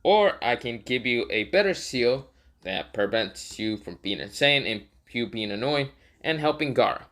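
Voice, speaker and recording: A man's voice: medium pitch, expressive, moderate pace, fairly bright tone, lightly acted. A scheming young ninja who gives blunt orders in an everyday male voice, voiced by a storyteller. He rambles and corrects himself as he talks, far more casual than heroic. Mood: bossy.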